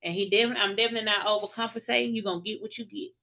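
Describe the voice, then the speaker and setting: A woman's voice: medium pitch, steady tone, racing, gravelly, phone-quality sound. A woman, a podcast guest, talking in a direct, encouraging, casual way. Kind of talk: casual conversation.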